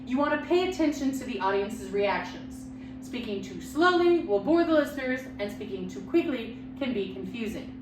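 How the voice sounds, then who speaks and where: A woman lecturing on public speaking with a loud voice and lively, expressive pitch. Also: normal speed. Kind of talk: recorded lecture. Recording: echoey room, mic far off, background hum.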